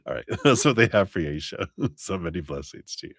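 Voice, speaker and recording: A man hosting a live tarot reading, chatty and quick to laugh, stretching words for emphasis. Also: sits low, expressive, no echo, studio quality. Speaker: tarot reader.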